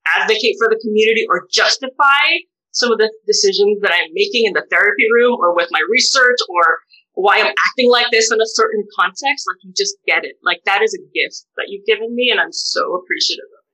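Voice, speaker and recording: A woman being interviewed, a therapist and doctoral researcher, speaking in an animated, unscripted way with many fillers and restarts. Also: mid-range voice, brisk, low-quality recording. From United States. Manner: animated, many fillers and restarts, voice rises sharply when quoting others. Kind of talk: emotional conversational interview.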